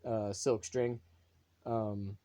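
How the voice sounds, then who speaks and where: A man from North Carolina talking casually to his phone in a rambling monologue, swearing often and filling pauses with ums and uhs. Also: fairly low pitch, level tone, warm tone. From North Carolina, USA. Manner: swears a lot, rambling with many fillers. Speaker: vlogger.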